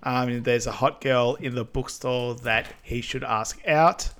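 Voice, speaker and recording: A man co-hosting a podcast, recapping a movie's plot in relaxed chat. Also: medium pitch, measured pace. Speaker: podcast co-host. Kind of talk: casual film recap chat.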